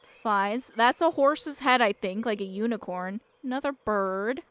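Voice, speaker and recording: Give me a high-pitched young woman reading a visual novel aloud on stream, excitable and laughing. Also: normal speed. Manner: excitable, laughs and exclaims often.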